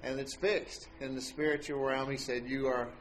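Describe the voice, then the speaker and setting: A middle-aged man recounts a personal faith experience in a relaxed, conversational way. His voice sits at an ordinary pitch and often lifts high when he acts out the people in his story. He laughs now and then as he talks. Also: normal speed, slight background noise. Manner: animated storyteller who laughs as he tells it. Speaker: guest telling a faith testimony. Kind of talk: casual spoken testimony.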